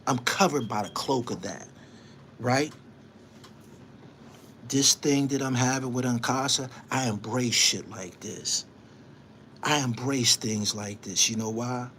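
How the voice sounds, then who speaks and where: A man's voice: medium pitch, slow, long pauses, a bit bright, a little hiss or hum. Heated man scolding on a live stream. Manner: emphatic, repetitive, scolding; preachy, invoking faith. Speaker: host of an online show.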